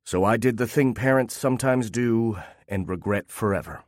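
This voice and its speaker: Low-voiced man narrating a story. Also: normal speed, darkish tone, no echo, studio quality. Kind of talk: first-person story narration.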